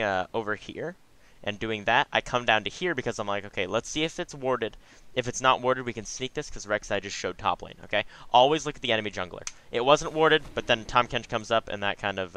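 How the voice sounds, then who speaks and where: A man's voice: lowish voice, sharp tone, a little hiss or hum. A young man giving casual, chatty commentary over his own gameplay, with frequent asides.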